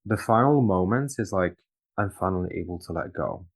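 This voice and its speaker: A man's voice: low voice, lively intonation, a little fast. A man co-hosting a casual tarot reading chat, agreeable and thoughtful. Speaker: tarot reader co-host.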